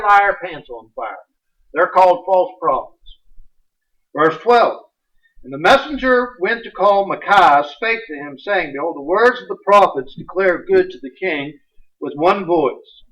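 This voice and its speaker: A man preaching a sermon, animated and folksy, reading scripture aloud with sudden bursts of emphasis. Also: high voice. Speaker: pastor. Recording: distant, muffled livestream audio.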